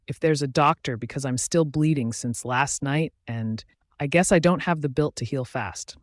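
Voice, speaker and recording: A man voicing a gentle, grateful young woman with scars in a werewolf audiobook, speaking softly and quietly. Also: mid-range voice, normal speed, dry recording, close to an everyday voice. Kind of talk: audiobook narration.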